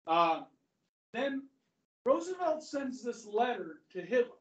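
A male history teacher with a very high, very animated voice lectures to his class at a slow pace. He's chatty and conversational, putting questions to the students and acting out quotes, heard in roomy classroom audio recorded from far off.

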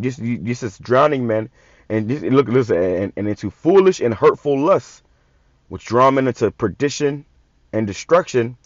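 A man's voice: mid-range voice, expressive, no echo. Man, online preacher, profane, stammering repeats, dry close sound, muffled. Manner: blunt, profane, repeats words often; reads verses slowly and louder. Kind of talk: scripture reading and commentary.

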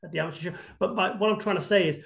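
A man with a high-pitched voice talks in a podcast interview. He rambles through lively anecdotes, restarting sentences and filling gaps with "um" and "you know.". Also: racing, creaky. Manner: animated, rambling anecdotes with many fillers and restarts. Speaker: bodybuilding guest expert.

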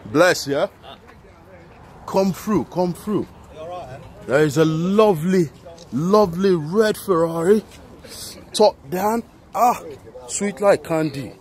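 Excitable man at a car show. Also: high voice, slow pace, long pauses. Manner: playful, exclaiming, talking to the camera. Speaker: vlogger at a car meet. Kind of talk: excited walk-around vlog.

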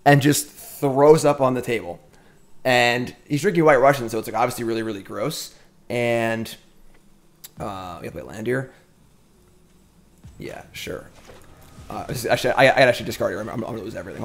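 This is casual storytelling while gaming: a middle-aged man rambles through a chatty tale during a streamed card game, often breaking off to talk about his moves. He speaks briskly in a mid-range, creaky voice and pauses often.

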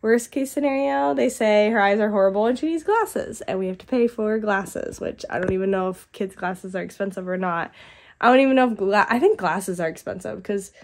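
A young woman with a stuffy head cold, chatting casually to her vlog audience from a quiet house and rambling as she thinks aloud. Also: medium pitch, a little fast. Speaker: vlogger and mother. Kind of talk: casual vlog talk to camera.

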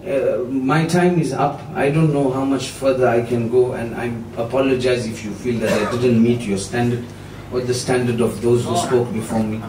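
Emotional male preacher in an echoey hall. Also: mid-range voice. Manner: emotional, drawn-out storytelling. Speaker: moulana delivering a discourse. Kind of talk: sermon. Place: prayer hall at a gathering. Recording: echoey hall, voice heard from a distance.

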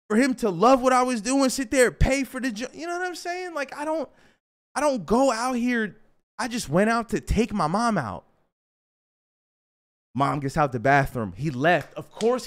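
A young man telling a casual storytime, animated and slangy, often repeating himself. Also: very high voice.

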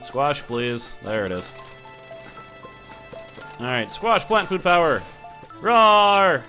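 A man hosting a let's-play, commenting sarcastically and excitably on his game. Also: medium pitch, slow, soft background music. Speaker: gaming channel host.

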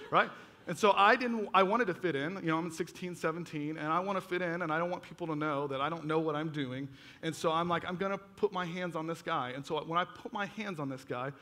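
A man preaching a testimony sermon, telling his story in an animated way and acting out his own reactions. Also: on the high side. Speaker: pastor. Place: church auditorium. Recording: long reverb of a large hall.

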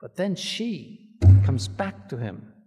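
Earnest bishop preaching in a reverberant church. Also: male voice, medium pitch, very animated, slow pace, darkish tone, soft background music. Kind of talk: sermon.

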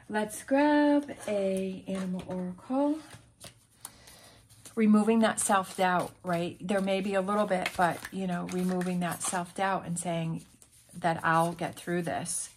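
A woman's voice: on the low side, steady tone, a little slow, fairly bright tone. A woman giving a casual tarot reading, talking in an earnest, encouraging way with many restarts and fillers, and sounding emotional. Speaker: tarot reader.

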